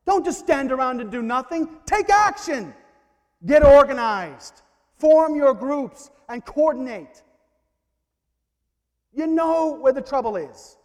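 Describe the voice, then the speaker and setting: A male preacher delivering a fervent sermon, building to exhortation with quiet asides. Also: very high voice, expressive, slow pace, pauses often, big-room sound.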